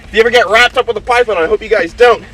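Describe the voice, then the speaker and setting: A young man vlogging outdoors by a levee road in a wetland, narrating excitedly to his handheld camera. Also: sits high, very fast. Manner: excitable, exclaiming. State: out of breath. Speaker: wildlife vlogger.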